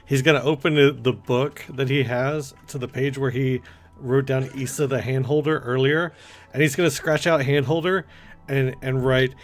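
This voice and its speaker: A man's voice: medium pitch, fairly even intonation, normal speed, soft background music. A man casually describing his character's actions in a tabletop game, playful in tone. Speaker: player.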